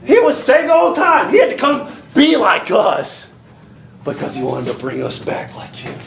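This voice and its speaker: A man preaching in a church, with a high, gravelly voice and a folksy, animated delivery. The room is echoey, and the congregation answers him with amens. He keeps slipping into little acted-out voices to drive his points home. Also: normal speed, a little hiss or hum. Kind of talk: sermon. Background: congregation calling out amens.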